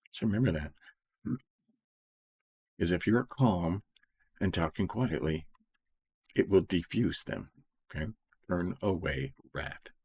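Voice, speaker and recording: A middle-aged Bible study teacher reads scripture and explains it informally in a soft-spoken, low, husky voice. He often checks in with "okay?" and slows right down to stress key phrases.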